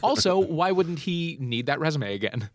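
A man's voice: fairly high pitch, sing-song, moderate pace. A man hosting a podcast, animatedly retelling a film's plot in casual chat with frequent laughs and profanity. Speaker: podcast host. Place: Los Angeles area.

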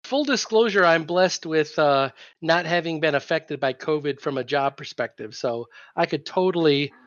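A man's voice: fairly high pitch, moderate pace, fairly bright tone, lo-fi sound. A man in casual video call chat, joking around and tripping over his words. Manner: jokey, stumbles over words.

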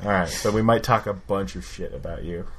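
A man's voice: deep voice, fairly quick. A man hosting a casual podcast, joking and swearing as he reads out a countdown of cover songs. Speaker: podcast host. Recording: noisy home podcast recording.

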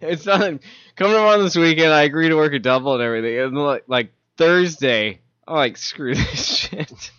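A man's voice: on the high side, brisk, a bit bright, clear, resonant tone, dry recording, dull audio. A middle-aged man chatting casually, rambling and correcting himself as he tells a story, often laughing. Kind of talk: casual chat.

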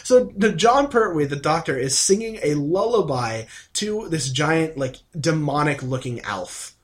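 A man co-hosting a podcast, recapping an episode in an excitable, gushing way and acting out the characters' lines. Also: fairly high pitch, measured pace. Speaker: podcast co-host. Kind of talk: casual podcast chat.

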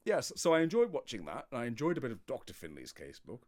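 An English man co-hosting a casual podcast, talking in a wry, chatty way. His pitch sits in the middle but swings widely, rising theatrically when he is amused. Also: wildly swooping pitch, fast, darkish tone. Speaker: podcast co-host. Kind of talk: casual chat.

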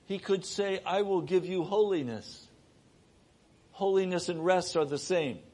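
A middle-aged male preacher with a husky, somewhat high voice. He preaches at an unhurried pace. His delivery swings between raised, urgent appeals and quiet, hushed stretches. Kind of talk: sermon.

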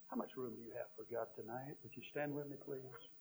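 A man's voice: medium pitch, steady tone, fairly quick, a little mellow, slight background noise, rough recording. A man, a visiting preacher telling a story in his sermon and then pleading fervently in an altar call.

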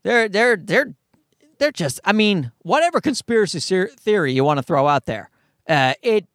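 A man's voice: sits high, lively intonation, normal speed, a bit bright, no echo, studio quality. A man hosting a podcast, rambling through a profane comedic monologue with bursts of mocking put-on voices. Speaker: podcast host.

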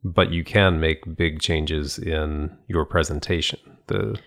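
A man's voice: extremely low pitch, fairly even intonation, slow pace, gravelly, a bit bright. A man co-hosting a casual conversation, telling stories in a thoughtful, rambling way with frequent restarts and laughs. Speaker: podcast co-host.

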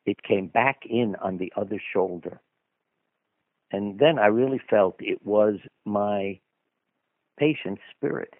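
On a dry phone line, a male guest author tells anecdotes during a radio interview, wandering conversationally and dropping in asides. His voice is on the low side and slow, with frequent pauses and no room sound.

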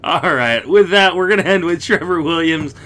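A man hosting a casual podcast, moving it briskly from one segment to the next. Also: on the high side, a bit bright. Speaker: podcast host.

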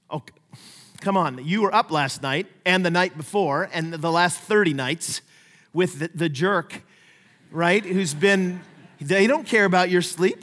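In a large church sanctuary with long reverb, a middle-aged male pastor with a high voice delivers a sermon. His preaching is lively and conversational, and he slips into playful voices when quoting people.

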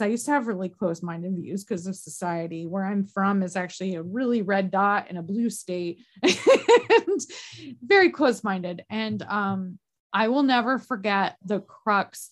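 A woman speaks in a candid podcast conversation at a middle pitch. She sounds earnest and emotional. Her delivery halts often, with restarts and fillers.

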